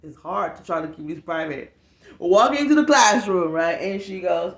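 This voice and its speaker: A woman telling stories in casual talk, animated and profane, acting out the people in them. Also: fairly low pitch, moderate pace, reverberant. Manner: animated, profane, acts out the people in her story. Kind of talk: casual storytelling.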